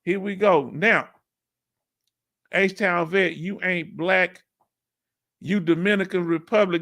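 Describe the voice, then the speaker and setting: A man from Houston with a Southern accent hosting a casual veteran livestream Q&A, reading viewer comments aloud in slangy, animated talk. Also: sits high, unhurried. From Houston, Texas.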